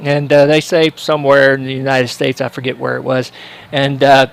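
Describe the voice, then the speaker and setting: A man's voice: medium pitch, little pitch movement, normal speed, creaky, clean tone, rough recording. A male sports livestream commentator making casual chat, telling a rambling story full of fillers and restarts.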